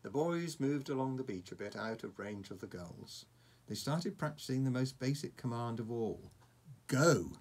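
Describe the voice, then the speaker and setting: A man reads a storybook aloud to a child at an ordinary pitch, with a husky, slightly rough voice. He pauses now and then to point out the pictures. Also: animated. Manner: warm asides, chuckles at the pictures.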